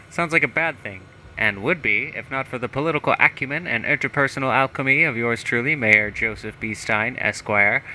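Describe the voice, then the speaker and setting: A man's voice: mid-range voice, sharp tone, a little hiss or hum, voice pushed up, rough recording. A man putting on a smug sleazy mayor. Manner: smug, boastful, with a put-on accent. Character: sleazy scheming male small-town mayor.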